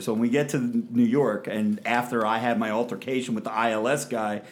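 A man's voice: medium pitch, brisk. A young man telling a story on a podcast, swearing constantly and acting out what people said. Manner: profane, animated, acts out quotes. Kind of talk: casual storytelling.

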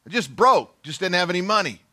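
Expressive and fairly quick, this middle-aged preacher uses a high, bright voice to share a personal story within a sermon. His telling is folksy and self-deprecating, and he imitates the people he quotes.

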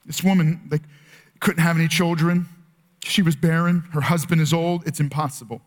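Pastor, male, higher-pitched voice, earnest conversational sermon delivery. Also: steady tone, normal speed. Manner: earnest, conversational preaching with many fillers and restarts. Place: church with multiple campuses and online stream.

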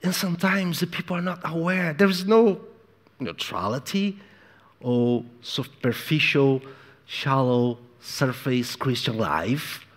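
A man preaching a sermon in an emphatic, repetitive way, moving between hushed and loud delivery. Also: fairly high pitch. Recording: echoey hall with long reverb.

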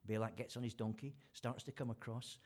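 A man's voice: medium pitch, fairly even intonation, brisk, a little mellow, husky. A man preaching an informal sermon, retelling a story in a chatty way with fillers and restarts.

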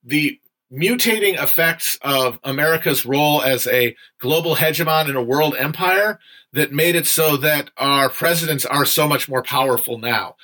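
A man's voice: medium pitch, pushed and bright. A young man hosting a casual livestream book discussion, chatty and digressive, with frequent fillers and some swearing.

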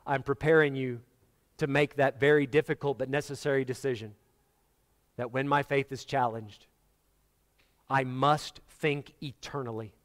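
A man's voice: medium pitch, fairly even intonation, moderate pace, pauses often. A man preaching a sermon, telling stories dramatically and acting out the voices of the people in them. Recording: long hall reverb.

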